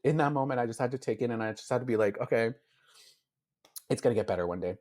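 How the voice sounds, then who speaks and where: A man's voice: medium pitch, fast, a little mellow. A beauty influencer, a man, speaking as an interview guest, telling his story in a heartfelt way with many fillers and acting out his own past thoughts. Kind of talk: candid emotional interview.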